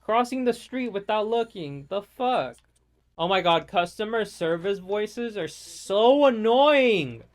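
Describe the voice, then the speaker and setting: A man's voice: high voice, animated, takes it slowly. A man ranting casually and profanely over gameplay, rambling from one gripe to the next. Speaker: gaming vlogger.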